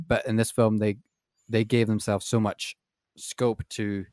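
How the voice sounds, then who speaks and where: A man's voice: lowish voice, measured pace, dry recording, clean studio sound. A man co-hosting a casual film podcast, telling stories animatedly. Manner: animated storyteller, puts on voices for quotes. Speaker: podcast co-host.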